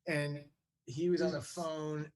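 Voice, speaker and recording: A man's voice: fairly high pitch, little pitch movement, slow pace, darkish tone. A man telling an anecdote as a talk-show guest, rambling with many fillers and restarts. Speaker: actor telling a story as a guest.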